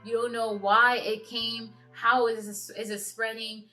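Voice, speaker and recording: A woman in her twenties telling a personal story to camera in a halting, earnest way, often stopping and restarting her sentences. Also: a little high, little pitch movement, pushed and bright, faint music behind. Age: 20s. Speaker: vlogger.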